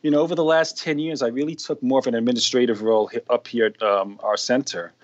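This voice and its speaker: A man's voice: mid-range voice, steady tone, fast. A middle-aged man with a New York accent, chatting as a guest on a podcast, rambling with many fillers and restarts. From New York, USA. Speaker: guest occupational therapist. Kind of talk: casual interview chat. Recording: dull lo-fi sound.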